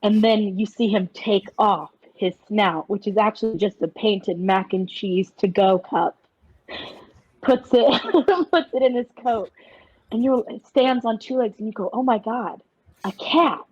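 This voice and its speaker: A woman's voice: medium pitch, measured pace, a little mellow, husky, dry recording. A woman playing a tabletop game, narrating her scene in a crude, playful, casual way. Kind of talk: casual role-play narration. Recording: slightly muffled audio.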